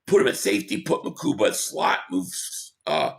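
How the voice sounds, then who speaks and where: A man hosting a casual live stream, hoarse from losing his voice, who reads out viewer comments and gives blunt opinions. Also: on the high side, wildly swooping pitch. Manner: opinionated, quick agreement with viewers.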